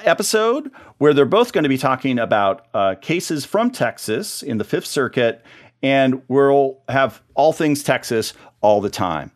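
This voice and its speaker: A man hosting a podcast in a chatty, casual way. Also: medium pitch. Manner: chatty, with fillers and restarts. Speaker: podcast host.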